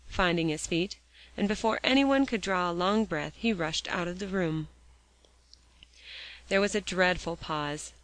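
Woman reading a storybook aloud, low voice. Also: fairly bright tone, no room sound, low-quality recording. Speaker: audiobook reader. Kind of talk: storybook narration.

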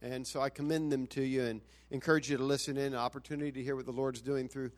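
A man's voice: mid-range voice, flat delivery, fast talker. Earnest pastor man introducing a guest. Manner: earnest, stumbling restarts. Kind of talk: church introduction.

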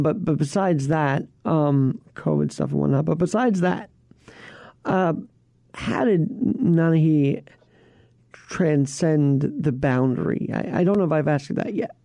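A woman's voice: sits low, measured pace, creaky, mellow, no room sound. A woman hosting a casual interview, asking short questions as an attentive listener. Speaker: interview host.

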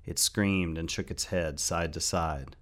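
A man with a very deep, low voice narrates a story aloud. His reading is steady and tense, in the manner of a scripted audiobook. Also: measured pace.

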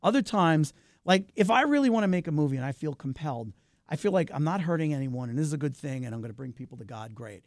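A middle-aged man in a casual interview, chatting animatedly about his work. His voice sits a little high for a man and carries a gravelly edge. The sound is close and dry. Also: quick pace, no echo. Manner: animated, talkative, wide pitch swings. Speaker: filmmaker, guest.

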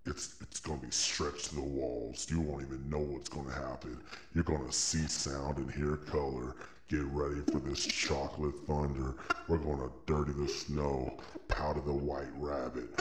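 A man's voice: rumbling low, level tone, moderate pace, hardly any pauses, echoey room, noisy background, voice pushed down. A man voicing his own boastful, crude talking penis, all hyped-up trash talk.

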